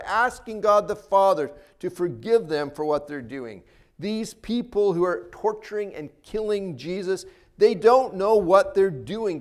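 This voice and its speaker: A man delivers a sermon in an earnest preaching voice. His voice sits a little on the high side for a man. He lifts and lowers his voice to stress key points. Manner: earnest preaching, rises and drops for emphasis. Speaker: pastor.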